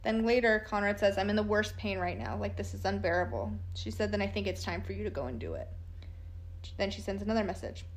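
A woman's voice: mid-range voice, fast talker, slight background noise. Woman reading texts matter-of-factly. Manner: plain, matter-of-fact reading, casual asides. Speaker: true crime storyteller. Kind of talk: reading text messages aloud with narration.

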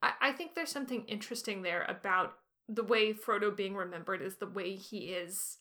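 A woman's voice: medium pitch, moderate pace, pushed and bright. A young adult woman co-hosting a podcast, musing enthusiastically about a novel with stumbles and restarts. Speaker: podcast co-host. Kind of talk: casual book discussion.

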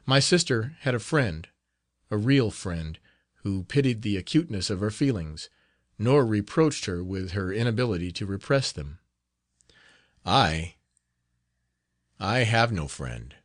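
A man's voice: lowish voice, lively intonation, normal speed, no room sound, studio quality, close to an everyday voice. A man voicing a young male novice in an audiobook, pleading in an emotional, faltering way. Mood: sorrowful. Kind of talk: audiobook character reading.

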